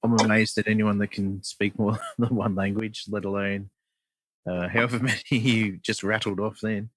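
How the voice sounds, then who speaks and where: Man, podcast host, low-ish pitch, easygoing, dry close recording. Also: little pitch movement, moderate pace, no room sound. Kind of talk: casual interview chat.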